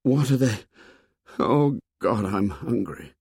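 A man's voice: fairly low pitch, lively intonation, takes it slowly, creaky, a little mellow, breathy edge, dry recording, clean studio sound, heavily acted. A man voicing a lonely hunted boy who talks in a thick, breathless, whispering way, in a storybook reading. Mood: desperate.

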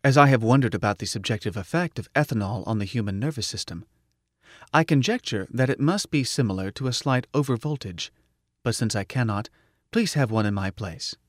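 A man's voice: mid-range voice, lively intonation, fairly quick, dry recording, clean studio sound, close to an everyday voice. A man reading an audiobook, voicing a polite, earnest male computer mind that speaks formally and precisely. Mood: wistful. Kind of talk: audiobook narration.

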